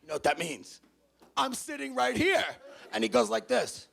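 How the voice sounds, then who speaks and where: A man's voice: extremely high pitch, normal speed, gravelly. A man from New City, a motivational speaker telling a story to students and acting out each character's voice. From New York City. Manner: animated, acts out every character's voice. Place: large hall with audience.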